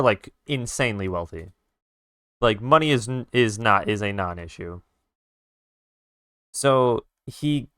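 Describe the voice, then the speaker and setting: A man streaming live, retelling a movie plot in a casual, swearing, animated way with sound effects. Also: mid-range voice, clean tone, no room sound, clean studio sound. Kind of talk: casual storytelling while drawing on stream.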